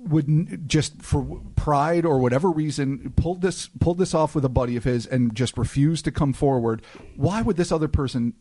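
A man's voice: on the high side, normal speed, warm tone. A man co-hosting a podcast, talking in an emphatic, speculative way and swearing casually. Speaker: podcast co-host. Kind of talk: casual chat.

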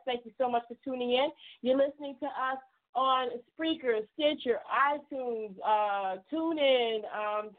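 A woman hosting a casual radio show, effusive and encouraging, laughing often as she chats with callers. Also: sits high. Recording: tinny phone-like line.

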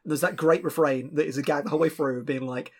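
A man with a husky voice chatting casually about a film, animated and laughing often, with many restarts. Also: fairly high pitch, fast.

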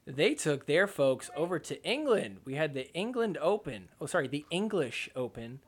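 A young man with a fairly high voice hosts a casual sports podcast. He talks through the match in an offhand, joking way. Every so often he drops into mock quotes that poke fun at the players. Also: very animated, normal speed, husky. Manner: sarcastic, jokey, voices players' imagined thoughts. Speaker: podcast host. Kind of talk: casual sports recap commentary.

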